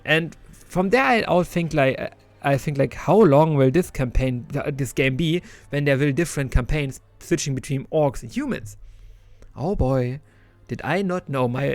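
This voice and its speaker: Chatty man reviewing a game. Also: fairly high pitch. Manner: chatty and enthusiastic, with many restarts and some laughs. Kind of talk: casual spoken game review.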